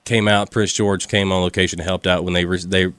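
A man's voice: low voice, level tone, a little fast, a bit bright, smooth, faint music behind. A man in his thirties, a sheriff's deputy, talking plainly in a radio interview with many fillers and restarts.

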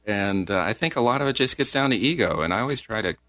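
A man being interviewed as a guest, plain-spoken and getting animated as he tells his story. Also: lowish voice, fast talker, dry recording. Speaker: guest, county comptroller. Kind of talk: casual interview.

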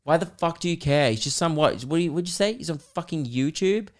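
A man's voice: on the high side, fast, pitched above the performer's own voice, lightly acted. A man mimicking a bratty, dismissive teenage girl while retelling a story. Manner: dismissive, sneering.

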